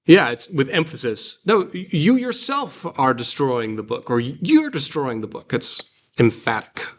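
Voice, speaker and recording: A man teaching a guided reading class, explaining slowly and patiently with fillers and restarts. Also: mid-range voice, big pitch swings. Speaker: Greek teacher.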